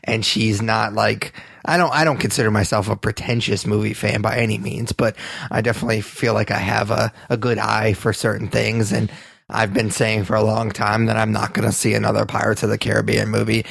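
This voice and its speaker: A man hosting a podcast, chatting casually and telling animated stories. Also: on the low side, fairly quick, creaky, husky, dry recording, studio quality. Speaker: podcast host. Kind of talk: casual chat.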